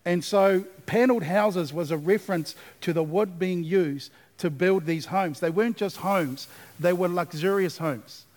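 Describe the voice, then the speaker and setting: A man's voice: sits high, measured pace, darkish tone. A man preaching a sermon as pastor, asking the congregation for responses and building to emphatic, repeated refrains.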